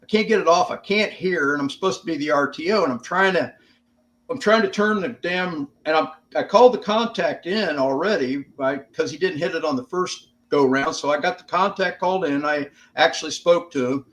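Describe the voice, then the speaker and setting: Older man, American, plainspoken, casual storytelling, slightly raised pitch. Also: moderate pace, fairly bright tone. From United States. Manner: plainspoken, swearing, laughing through stories. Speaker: guest, veteran.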